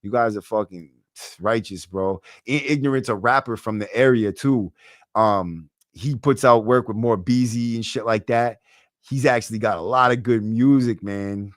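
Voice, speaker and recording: A man's voice: on the low side, normal speed, no echo, clean studio sound. A young man with a thick Boston accent hosting a casual livestream podcast, chatting to viewers in a brash, streetwise way full of swearing and slang. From Massachusetts. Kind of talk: casual livestream chat reading comments. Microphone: close podcast mic.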